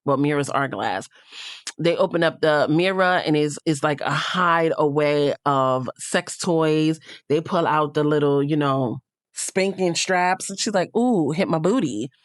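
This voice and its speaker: A woman's voice: low-pitched, unhurried, dry recording, clean studio sound. A woman hosting a casual reality TV recap, chatty and gossipy, with frank asides.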